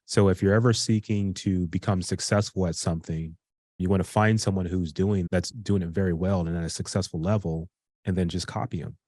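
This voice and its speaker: A man in his forties walks through a workshop topic in a relaxed, conversational way, trips over a word now and then, and starts again. His voice is very low. The sound is dry, with no room echo. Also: a little fast. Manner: conversational, with frequent restarts and fillers. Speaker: speaker teaching a self-improvement workshop. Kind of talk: casual explanatory talk.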